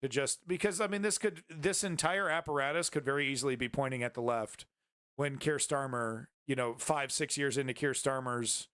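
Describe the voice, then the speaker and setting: A man's voice: mid-range voice, fairly even intonation, moderate pace, a bit bright, smooth, dry recording, clean studio sound. A male host giving rambling, indignant political commentary on a livestream, full of fillers and restarts.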